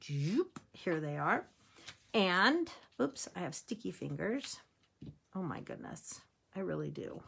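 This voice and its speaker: A woman's voice: fairly low pitch, very animated, takes it slowly, vocal fry, fairly bright tone, husky. A woman hosting a casual craft tutorial, chatting upbeat to viewers and laughing at herself while she works with her hands. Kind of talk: casual how-to demonstration.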